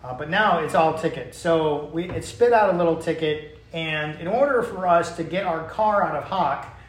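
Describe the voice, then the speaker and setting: In an echoey room, a pastor preaches a sermon conversationally, his voice a little high and his speed normal. He drifts into casual asides and restarts his sentences.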